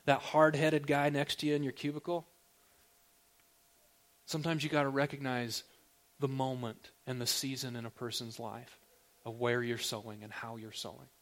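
A pastor gives a sermon in a medium-pitched voice at a moderate pace. His style is relaxed and conversational, and he puts direct questions to his listeners.

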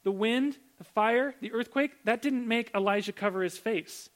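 A man with a notably high voice preaches a sermon. He talks in a conversational, animated way and keeps asking his listeners questions. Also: normal speed.

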